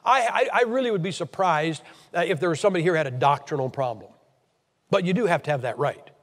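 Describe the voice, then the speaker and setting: A man's voice: a little high, expressive, fast, in a large hall. An American man from Ohio preaching a blunt, emphatic, scolding sermon to a church meeting. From Ohio, USA.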